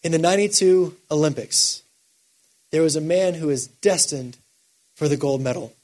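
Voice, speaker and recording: A preacher with a high, husky voice delivers a sermon, rising from quiet, measured phrases to impassioned peaks that are nearly shouted, then sinking low again.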